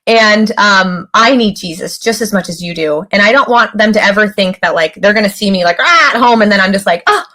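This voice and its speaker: Woman, podcast guest, candid, animated storyteller, quotes voices. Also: mid-range voice, fairly quick, few pauses. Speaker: guest, author. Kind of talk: casual interview chat.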